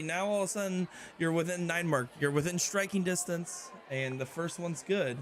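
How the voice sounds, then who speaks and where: A man doing fast play-by-play darts commentary and explaining the strategy. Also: a little high, a little hiss or hum. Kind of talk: live sports commentary.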